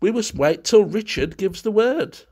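A man voicing a nervous, self-conscious young gentleman with a facetious, jittery manner. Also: sits high, animated, a little slow, slightly rough, voice pushed up, heavily acted.

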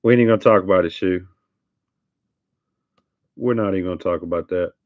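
A man's voice: low-pitched, a little fast, no echo. A man hosting a live trading card break, chatting casually and teasing viewers with sing-song hype calls. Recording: dull lo-fi stream audio.

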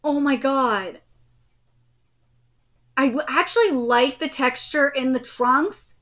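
A woman hosting a live anime reaction, outspoken and swearing freely, breaking into excited exclamations. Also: high voice, slow pace, muffled recording.

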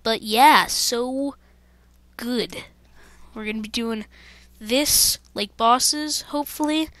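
A woman's voice: a little high, takes it slowly, fairly bright tone, no echo. A woman hosting a let's-play gaming video, commenting to her viewers with jumpy, dramatic exclamations. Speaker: gaming channel host.

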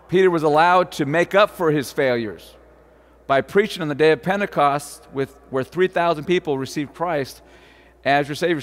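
A man preaching to a congregation in a church, with a fairly high voice. He talks in a loose, conversational way, quizzing the listeners and restarting his sentences. The sound carries a long church reverb. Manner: frequent fillers and restarts. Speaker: pastor. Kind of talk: sermon. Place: church sanctuary.

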